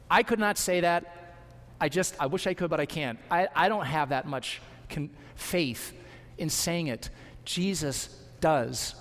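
Man preaching, high voice, slow and emphatic, long hall reverb. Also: fairly bright tone. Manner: earnest, emphatic preaching with deliberate pauses. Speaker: pastor. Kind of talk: sermon.

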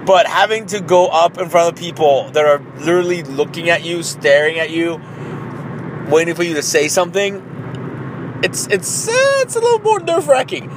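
A man's voice: fairly high pitch, normal speed, background noise. A man, a marathon runner, tells a story in a casual, rambling way, with many fillers and some swearing.

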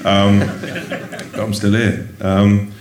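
A man's voice: lowish voice, completely flat delivery, extremely slow, a little mellow, slight background noise. A man being interviewed on stage as a guest comedian. He talks casually and rambles, with a self-deprecating manner and many restarts. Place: theatre stage before an audience. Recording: roomy live theatre sound.

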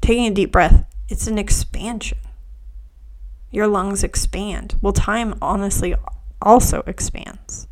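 A woman hosting a reflective spiritual podcast, talking softly and unhurriedly, often dropping to near whispers. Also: mid-range voice, fairly even intonation, a little slow. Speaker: podcast host.

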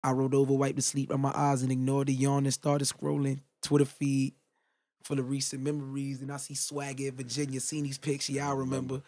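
A man's voice: mid-range voice, monotone, fairly quick, darkish tone. A young man, a guest musician, telling a personal story in casual slangy talk and acting out what people said. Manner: slangy, profane, acts out quoted dialogue.

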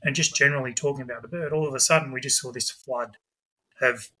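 A man, a guest, telling a lively anecdote with quick asides. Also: medium pitch, poor audio. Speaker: guest, budgie club president. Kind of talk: animated storytelling.

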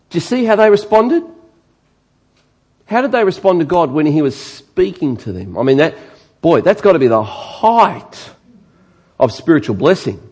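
A man's voice: a little high, husky. A male preacher giving a sermon, questioning his listeners and repeating words as he builds. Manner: lively, asks the congregation questions, stammers on repeats.

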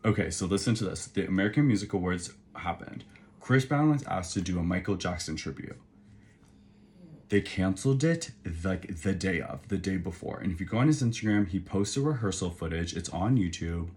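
A man's voice: low voice, normal speed. A man co-hosting a podcast in casual chat, rambling and full of fillers. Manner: rambling, filler-heavy, excitable. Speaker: podcast co-host.

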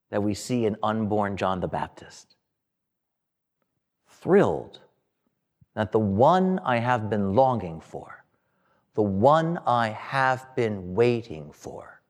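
A man preaching a sermon in a slow, dramatic way, with long pauses and phrases that fall away at the end. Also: medium pitch. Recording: long hall reverb.

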